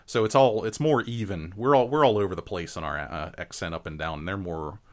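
This podcast host has a low-pitched voice and a brisk delivery. He keeps the banter casual and rambling, peppered with fillers and restarts.

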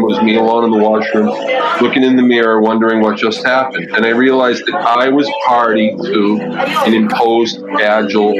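Lower-voiced man telling a story. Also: lo-fi sound, heavy background noise. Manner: animated storyteller. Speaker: agile coach and author. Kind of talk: podcast storytelling.

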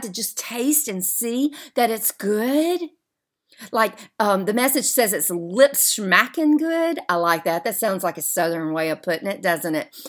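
Woman, podcast host, faith monologue, unhurried delivery, emphatic and heartfelt, soft murmured asides. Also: fairly high pitch.

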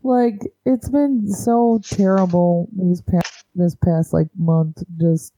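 Slow, dark-voiced woman co-host. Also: on the low side, steady tone, low-quality recording. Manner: rambling, halting, full of "like" fillers. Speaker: podcast co-host. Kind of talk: casual chat. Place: home, recording remotely.

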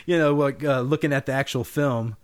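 A man's voice: medium pitch, brisk. A podcast co-host in casual film discussion, rambling and swearing as he acts out scenes. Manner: rambling, profane, animated retellings of scenes.

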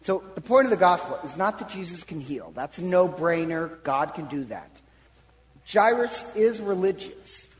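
Animated preacher man in a reverberant hall. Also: fairly high pitch. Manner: animated storytelling, acts out quoted voices. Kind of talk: sermon.

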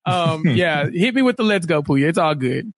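A woman's voice: low-pitched, sing-song, normal speed, dry recording, clean studio sound. A woman from Texas, co-hosting a casual chat in a chatty, playful, opinionated way. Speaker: co-host.

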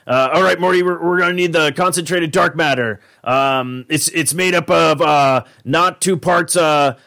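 A man voicing a cynical genius old male scientist who stammers and rushes through his words. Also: a little high, vocal fry, bright, forceful tone, pitched above the performer's own voice. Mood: scheming.

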